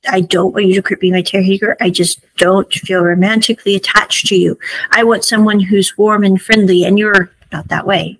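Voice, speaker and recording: A woman's voice: mid-range voice, moderate pace, a bit bright, dry recording, poor audio. A woman hosting a casual review show, retelling scenes of a drama in quoted dialogue with many asides. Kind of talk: casual recap and commentary.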